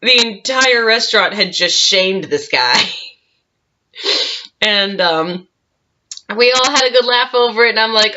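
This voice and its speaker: A woman's voice: mid-range voice, animated, a little slow, pauses often, pushed and bright. A woman cosplayer telling a convention story in a casual storytime vlog, chatty, with frequent laughs and fillers, on a dull, lo-fi recording. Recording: dull lo-fi sound.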